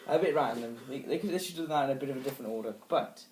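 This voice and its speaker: A man's voice: mid-range voice, very fast, darkish tone. A young man with a British accent chatting casually as a film reviewer, earnest and keen to keep the talk on track. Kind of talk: casual chat. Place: indoor room. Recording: echoey room with faint background noise.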